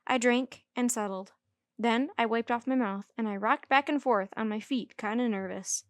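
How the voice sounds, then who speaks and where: A woman's voice: a little high, moderate pace, no room sound. Woman reading a children's story aloud. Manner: lively first-person narration. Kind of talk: children's book read-aloud. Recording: dry close recording.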